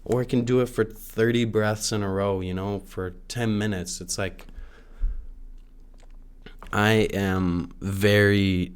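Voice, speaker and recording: A young man talking alone in a casual, rambling monologue, full of restarts and fillers and the odd swear word. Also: deep voice. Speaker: solo podcaster. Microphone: no camera, audio only.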